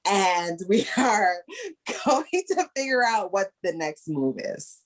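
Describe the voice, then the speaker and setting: A woman's voice: mid-range voice, very animated, takes it slowly. Tipsy, rambling Caribbean American woman. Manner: rambling, laughing, playful. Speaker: podcast co-host; entertainment lawyer. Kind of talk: casual podcast chat.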